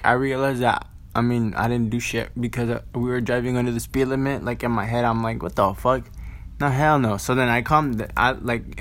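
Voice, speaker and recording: A man's voice: mid-range voice, fairly bright tone. An eighteen-year-old man telling a story in a casual monologue, rambling and profane, full of "like" and restarts.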